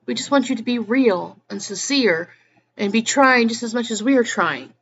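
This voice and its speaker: A spiritual vlogger talks earnestly to her viewers in a rambling personal video, frequently restarting her sentences. Her voice is fairly high and fairly bright, with lively intonation and a normal speed. The audio is slightly muffled, with faint noise in the background.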